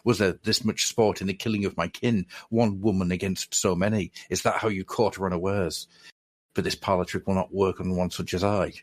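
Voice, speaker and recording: A man's voice: low-pitched, steady tone, brisk, no room sound. A man reading the lines of a cold, proud male elf warrior in a haughty, menacing way.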